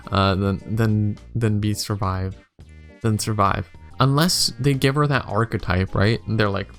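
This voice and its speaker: A man casually thinking aloud while ranking game characters, rambling with lots of fillers. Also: lowish voice. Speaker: YouTuber. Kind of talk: casual commentary for a tier list.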